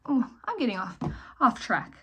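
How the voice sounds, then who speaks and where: A woman's voice: fairly high pitch, big pitch swings, normal speed, breathy edge. Rambling young woman vlogger, half-whispered asides. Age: young adult. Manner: rambling, self-mocking, drifts between loud and whispered asides. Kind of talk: casual get-ready-with-me chat.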